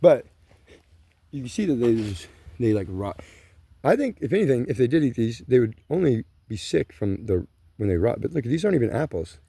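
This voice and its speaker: A man's voice: medium pitch, sing-song, brisk, dark tone, slightly rough, dry recording. A man, rambling casually and profanely while pacing along grassland trails outdoors. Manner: rambling, profane, says "you know" and "bro" a lot. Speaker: vlogger.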